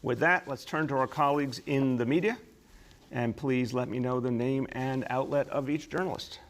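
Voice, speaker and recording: A middle-aged man giving a formal press briefing as mayor, in a measured, emphatic official delivery. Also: mid-range voice.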